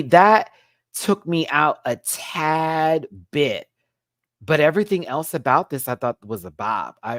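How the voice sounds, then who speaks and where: A man hosting a live recap stream, talking in a sassy, campy way with big swoops in pitch. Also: fairly bright tone, no echo, studio quality.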